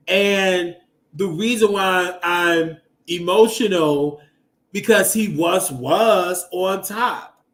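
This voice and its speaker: A man in his thirties hosting a casual commentary show, talking emotionally and bursting into loud exclamations. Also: high voice, drawn-out words. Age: 30s. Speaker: show host.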